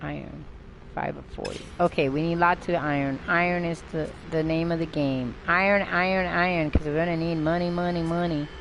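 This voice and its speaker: A woman's voice: low voice, fairly even intonation, moderate pace, slight background noise. An older woman rambling through live gameplay commentary, chatting to herself and her viewers and swearing now and then. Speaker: game streamer. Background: game music.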